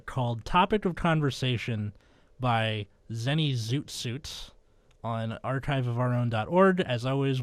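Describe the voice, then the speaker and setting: A young man hosting a comedy podcast, reading fan fiction aloud in a deadpan voice, with flustered asides and laughter. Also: medium pitch, no echo. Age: young adult.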